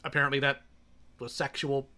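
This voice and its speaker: A man's voice: mid-range voice, monotone, brisk, pushed and bright. A man live-streaming his reaction to a video, chatting sarcastically and reading donations aloud.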